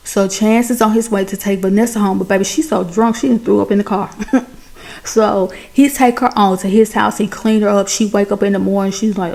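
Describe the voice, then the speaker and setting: A woman recaps a film in a chatty, animated way, speaking straight to her viewers. Her voice is dark and mellow, with a gravelly fry running through it. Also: mid-range voice. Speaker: movie recap host. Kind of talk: casual movie recap.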